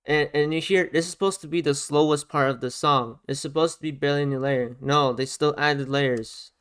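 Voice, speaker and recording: With a smooth, fairly high voice and a slightly fast pace, a man reacts on YouTube to a song's production, ranting animatedly and repetitively about its sounds as the music plays beneath him.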